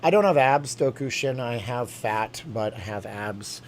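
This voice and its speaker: A man talks casually into a desk mic, hosting a livestream from home and reading viewers' comments aloud. He rambles with plenty of ums and uhs at an ordinary middle pitch. A faint hum sits behind his voice. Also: unhurried. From USA. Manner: rambling, reads comments aloud, many fillers. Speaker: livestream host reading chat.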